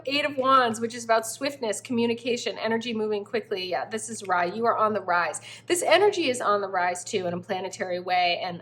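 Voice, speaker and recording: A woman's voice: mid-range voice, a little hiss or hum. A woman doing a spiritual tarot reading, effusive and affectionate, often exclaiming as she turns the cards. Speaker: tarot reader.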